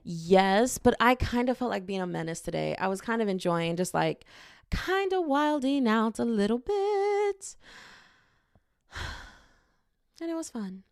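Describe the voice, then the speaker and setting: A woman's voice: a little high, unhurried, gravelly, long pauses, dry recording, studio quality. A young woman, hosting her podcast and telling a laughing, dramatic story about dating in a casual rant. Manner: animated, laughing, dramatic quoted asides. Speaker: podcast host.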